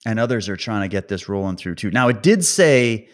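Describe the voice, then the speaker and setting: A man's voice: on the low side, big pitch swings, brisk. A man giving a casual, rambling opinion monologue, ranting and sarcastic, with many fillers and restarts. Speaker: vlogger.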